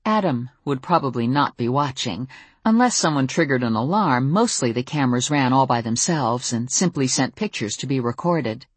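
A woman's voice: rumbling low, animated, moderate pace, slightly rough, no echo. A woman narrating a first-person novel in a wry, conversational way. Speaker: audiobook narrator.

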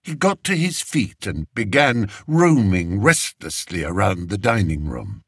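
Guy reading a storybook, huskyish voice, super lively pitch, slow. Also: slightly rough, no echo, studio quality. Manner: expressive, unhurried storytelling. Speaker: narrator. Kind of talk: audiobook narration.

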